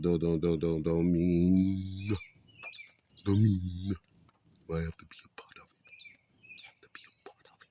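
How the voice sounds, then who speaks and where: A man talks in a loose, preachy monologue, leaning on "you know" between thoughts. His voice sits extremely low with a gravelly rasp. Faint noise and birdsong run behind him. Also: warm tone. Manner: rambling, with many "you know" fillers; preachy, quotes scripture. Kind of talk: casual spoken monologue.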